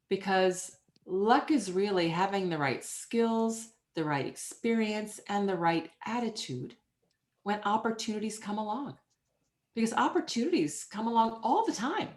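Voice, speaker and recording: Emphatic, energetic woman guest. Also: mid-range voice. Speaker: guest author. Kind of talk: interview answers.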